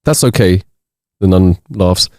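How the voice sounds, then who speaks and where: A man's voice: low-pitched, a little slow, darkish tone, no room sound, studio quality. A man co-hosting a podcast, reading jokes aloud in casual chat and laughing between them. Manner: reads jokes with bursts of laughter. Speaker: podcast co-host.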